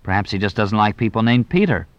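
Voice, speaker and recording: A man voicing a quick-witted, evasive young man who answers briskly and glibly. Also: lowish voice, expressive, no echo, highs cut off, lightly acted. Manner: brisk, glib, deflecting.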